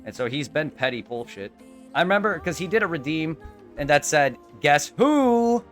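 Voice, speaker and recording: Brief: male streamer, fairly high voice, heated profane venting, soft music underneath. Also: expressive, fairly quick. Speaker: game streamer. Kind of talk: live stream rant.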